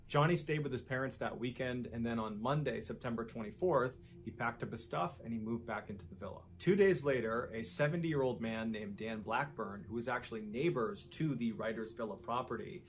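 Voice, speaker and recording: A man narrating a true story in a steady, conversational way. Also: mid-range voice, slight background noise. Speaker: storyteller in a played video.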